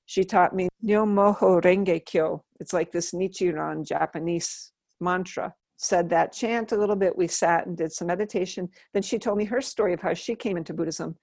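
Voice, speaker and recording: A middle-aged woman with a fairly low voice recalls her life in an unhurried, earnest way. She often restarts a thought mid-sentence. The sound is close and dry. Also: a little mellow, no room sound. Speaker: interviewee. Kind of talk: reflective personal storytelling.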